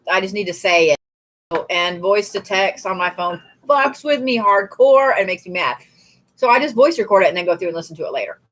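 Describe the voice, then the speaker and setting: A woman's voice: mid-range voice, fairly bright tone, poor audio. Chatty woman hosting a spiritual stream. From Tulsa, Oklahoma area. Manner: chatty, rambling, with many fillers. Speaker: spiritual reader and podcast host. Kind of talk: casual livestream chat.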